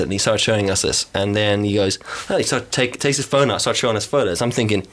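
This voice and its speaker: A man's voice: fairly low pitch, steady tone, fast talker, a bit bright, slight background noise. A man from South Africa, co-hosting a podcast and telling stories in casual chat, who swears freely and acts out the voices of the people in his stories. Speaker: podcast co-host.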